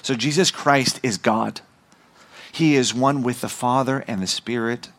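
A middle-aged man, a visiting missionary, preaching a sermon and slowing down to stress key words. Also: mid-range voice, fairly bright tone. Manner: emphatic, slowing and rising on key phrases.

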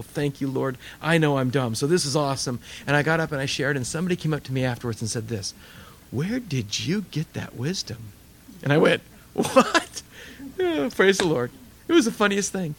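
Animated older man preaching a sermon. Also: mid-range voice. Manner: animated storytelling, acting out voices. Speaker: pastor.

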